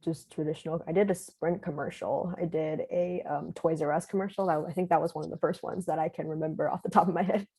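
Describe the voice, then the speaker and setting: A young actress chatting in a relaxed, hesitant way as a podcast guest, using lots of fillers and laughing easily. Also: female voice, sits low, fast talker, few pauses, slightly rough. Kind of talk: casual interview.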